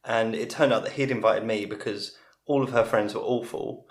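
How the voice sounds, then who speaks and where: A man's voice: fairly low pitch, fairly even intonation, normal speed. Rambling man telling stories. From England. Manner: rambling storyteller with frequent restarts. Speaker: comedian guest. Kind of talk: casual anecdotal chat. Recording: roomy echo.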